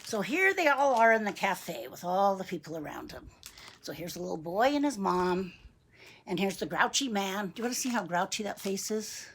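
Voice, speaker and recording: A woman reading a picture book aloud to young children, gentle and chatty, asking them questions. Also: medium pitch, big pitch swings, normal speed, slightly rough. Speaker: storybook reader for young children.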